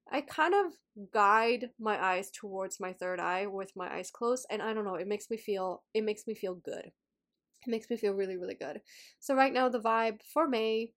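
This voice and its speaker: A young woman with a slightly nasal voice hosts her own podcast in a relaxed way. She repeats her phrases and speaks straight to her listeners with encouraging questions. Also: medium pitch. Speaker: podcast host and yoga teacher. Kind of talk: casual solo podcast talk.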